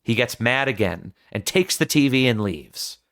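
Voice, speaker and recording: A man hosting a film podcast who retells scenes in an animated way and acts out the quotes. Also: medium pitch, normal speed, clear, resonant tone. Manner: animated storytelling with acted-out quotes. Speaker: podcast host.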